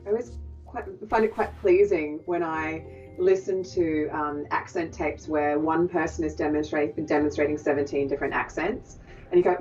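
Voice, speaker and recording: A woman's voice: low-pitched, normal speed, a little mellow, soft background music. A woman dialect coach answering interview questions in a thoughtful, hedging way. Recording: dull, distant interview audio.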